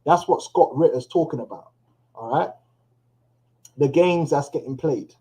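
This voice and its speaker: Wearing headphones, a man loosely comments on news clips being played, using slang and laughing to himself now and then. His slightly high, mellow voice moves at a measured pace, and the audio is poor.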